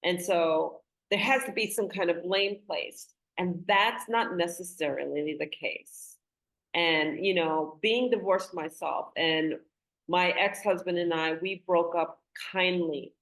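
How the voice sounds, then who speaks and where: Low-voiced woman interviewer. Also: slow pace, fairly bright tone, rough recording. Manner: reflective, sharing her own experience. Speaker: host. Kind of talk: interview conversation.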